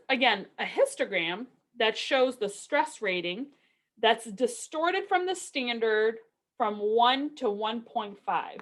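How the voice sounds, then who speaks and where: The instructor's voice is fairly high and fairly bright as she delivers a recorded statistics lecture. She talks in a relaxed, conversational manner, asking rhetorical questions and often saying "okay" and "right" to check in.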